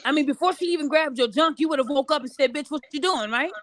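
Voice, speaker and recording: A man's voice: extremely high pitch, fast, fairly bright tone. A man, hosting a casual group chat and teasing a guest with pushy questions.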